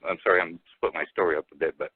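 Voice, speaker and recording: A man telling a rambling personal story over the phone, halting with many restarts and fillers. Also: low-pitched, fairly even intonation, husky, dry recording. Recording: tinny phone line, dry.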